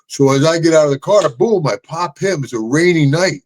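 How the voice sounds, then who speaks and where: A man spinning a casual road story on a talk show. He laughs as he goes and leaps into high voices whenever he quotes someone. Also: brisk, poor audio. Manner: animated storyteller who jumps high into voices for quoted people, laughing often. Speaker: podcast co-host, retired wrestler telling road stories.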